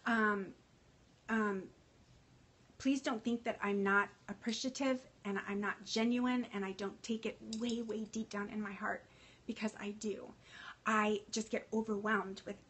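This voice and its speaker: Woman, husky, slightly high voice; casual livestream talk, emotional, rambling, lots of fillers. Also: fairly bright tone. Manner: emotional, rambling, many fillers and restarts, greets viewers by name. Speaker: fashion consultant livestreaming to followers.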